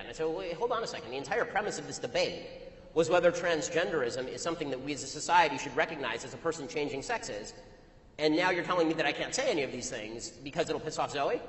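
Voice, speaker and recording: A man delivering an anecdotal, argumentative speech to an audience, telling his story rapidly. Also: a little high, animated, fairly bright tone. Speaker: public speaker. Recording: echoey hall, long reverb.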